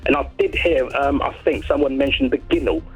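A man from Brighton calling in to a radio show, chatting in a hesitant, rambling way and often repeating words. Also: medium pitch, a little fast, vocal fry, over music. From Brighton, England. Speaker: caller. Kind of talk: phone-in chat. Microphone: telephone. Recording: muffled phone line.

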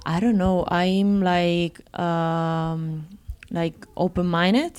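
Slow, hesitant woman footballer. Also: fairly low pitch, fairly even intonation, a little mellow, clear, resonant tone. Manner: hesitant, searching for English words. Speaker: interviewed footballer. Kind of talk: interview answers.

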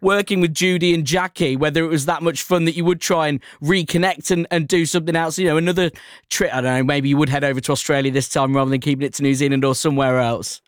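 A man asks eager interview questions, often tripping over his first words. His voice sits a little high. The sound is dry and close. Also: steady tone, quick pace, smooth, no room sound.

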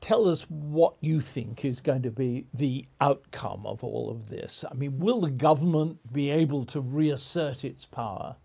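A male news presenter who asks measured, probing questions in a broadcast interview, then moves on to read the next story. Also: mid-range voice, vocal fry, mellow, husky. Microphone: studio microphone. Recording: dry studio sound.

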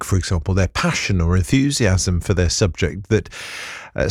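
A man's voice: medium pitch, a little mellow, no echo, studio quality. A man hosting a radio phone-in, talking conversationally with plenty of hesitations. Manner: conversational, hesitant with many fillers.

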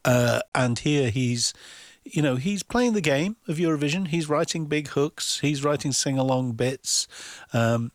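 A man's voice: on the high side, a little slow, no echo, clean studio sound. A man talking about music on a radio chat, knowledgeable and chatty, with an easy laugh. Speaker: music commentator.

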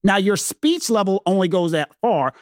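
A man's voice: high-pitched, animated, moderate pace, dry recording, clean studio sound. A man with a Southern American accent explaining legal points in a podcast discussion, emphatic and lecturing, repeating phrases for weight. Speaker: legal commentator co-host.

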